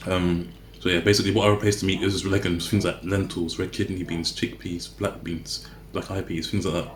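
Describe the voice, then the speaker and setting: Eating as he talks to the camera, a man rambles casually and chattily, frequently fixing his sentences midway. He has a deep voice with a level tone, speaks a little fast, and the roomy recording carries slight background noise.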